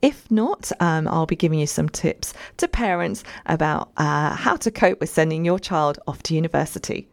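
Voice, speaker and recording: Female radio host, slightly low voice, casual and rambling, keeps asking the audience questions. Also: moderate pace, creaky, hardly any pauses. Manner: chatty, meandering, asks listeners questions.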